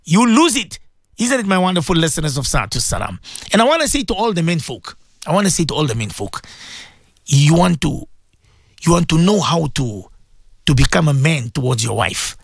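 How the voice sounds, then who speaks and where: On an Islamic radio show, the male host preaches passionately, firing off rhetorical questions and repeating himself for emphasis. His fairly high voice is brisk, creaky and husky, with big swings in pitch, and the studio-quality recording has no echo.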